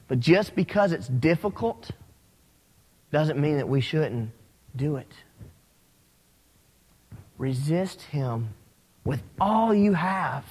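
A man preaching a sermon as a pastor, telling stories with animated, rising emphasis. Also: a little high, breathy edge. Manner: animated storytelling, rising when excited. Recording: long hall reverb.

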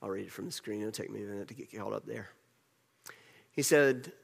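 A man's voice: fairly low pitch, brisk, gravelly, husky, in a large hall. A man preaching a conversational sermon as a pastor, repeating phrases and building up rhetorical questions.

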